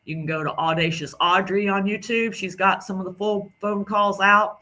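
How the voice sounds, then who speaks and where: A man's voice: high voice, steady tone, moderate pace, sharp tone. A man talking casually to his viewers, rambling with restarts and self-corrections. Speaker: video creator. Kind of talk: casual direct-to-camera talk.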